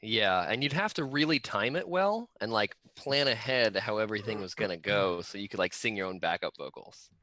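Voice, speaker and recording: A man's voice: lowish voice, a little fast, hardly any pauses, no echo. A man playing a tabletop role-playing game in casual chat, joking playfully. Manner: playful, jokey, lively.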